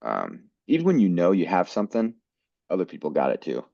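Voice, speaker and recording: Deep deep voice american guy telling his story in an interview, kinda dull audio. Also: wildly swooping pitch, brisk, vocal fry, mellow, no room sound. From United States. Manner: earnest, quotes people in his stories. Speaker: guest actor.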